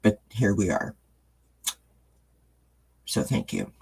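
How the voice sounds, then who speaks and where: A man with a low, husky voice talks to his viewers in a casual, gentle way. He halts often, fills gaps with ums and restarts his sentences. The tone stays earnest and sincere. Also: wildly swooping pitch, rough recording. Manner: halting, full of ums and restarts. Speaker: tarot reader and channel host.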